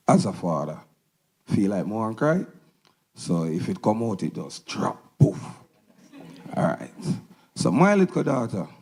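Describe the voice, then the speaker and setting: Dad speaking at a symposium, real low gravelly voice, slow and shaky. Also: male voice, dark tone, poor audio. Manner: halting, emotional, simple phrasing. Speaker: parent speaker. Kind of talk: emotional testimonial speech. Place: symposium hall.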